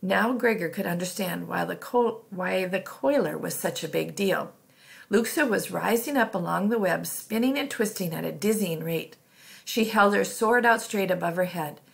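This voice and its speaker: A woman with a mid-range voice and vocal fry reads a children's novel aloud at normal speed. Her audiobook narration is plain, with occasional slips and restarts.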